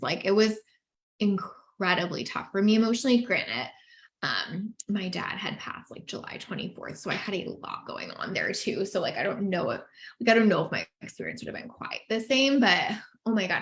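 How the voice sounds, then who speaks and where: A woman's voice: mid-range voice, fairly bright tone. Chatty, candid woman podcast host. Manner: chatty, filler-heavy with frequent "like", laughs easily; open and emotional, reflective. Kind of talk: candid casual podcast chat, reading listener comments.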